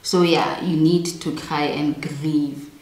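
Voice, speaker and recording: A young woman with a low voice talks straight to her viewers, blunt and emphatic in a chatty advice vlog. The sound is roomy, with a clear echo off the walls. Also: steady tone, slow pace, darkish tone. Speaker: vlogger giving relationship advice. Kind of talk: casual advice monologue to camera.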